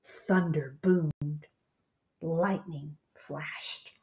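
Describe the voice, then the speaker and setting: A woman reading a picture book aloud, gentle and expressive, stopping to point out the pictures. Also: sits low, very slow, dull audio. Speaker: storybook reader.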